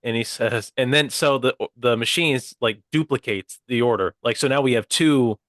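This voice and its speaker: Young male co-host, casual animated storyteller, dry close mic. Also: medium pitch, moderate pace, no echo. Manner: animated, quotes people in put-on voices, laughs often. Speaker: podcast co-host. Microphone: video call.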